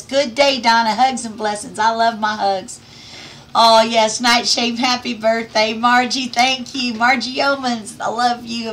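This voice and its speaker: Brief: middle-aged woman, livestream host at home, bright tone, upbeat and affectionate, reads out chat names. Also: fairly high pitch, slight background noise. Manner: cheerful, affectionate greetings to each viewer. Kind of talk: casual livestream chat reading out comments.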